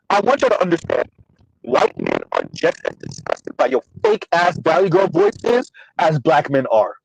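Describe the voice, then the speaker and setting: A man's voice: a little high, wildly swooping pitch, normal speed, vocal fry, breathy edge, rough recording. A man hosting his own channel, ranting in a blunt, profane commentary with rhetorical questions. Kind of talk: casual commentary rant.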